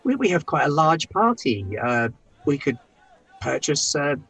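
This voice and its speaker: A man with a British accent playing a tabletop game, speaking in a mock-formal, lively way. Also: fairly high pitch, measured pace, slightly rough, no room sound. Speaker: player.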